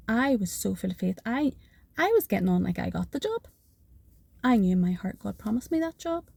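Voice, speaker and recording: A woman's voice: mid-range voice, lively intonation, a little fast, creaky, warm tone, husky, no room sound. A woman telling a personal faith testimony in an earnest, half-whispered way, repeating phrases for emphasis.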